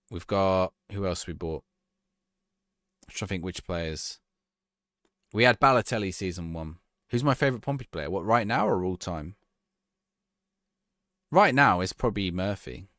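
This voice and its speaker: Casual male streamer, rambles chatting with viewers, lower voice that swings up and down, close dry mic. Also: lively intonation, a little slow, pauses often, fairly bright tone, dry recording. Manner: casual, rambling, answering chat questions. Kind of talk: live-stream gameplay chat.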